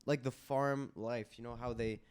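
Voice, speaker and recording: A man's voice: medium pitch, steady tone, normal speed, darkish tone, clear, resonant tone. Young man, podcast guest, casual chat, chatty, interjects often.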